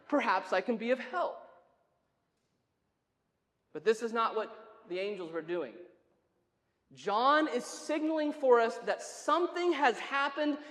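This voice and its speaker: An extremely high-pitched male pastor delivers a sermon in a church sanctuary, expressive and measured with a fairly bright tone. He keeps it chatty and conversational, asking the congregation questions and dropping wry asides. Long church reverb gives the recording lots of echo.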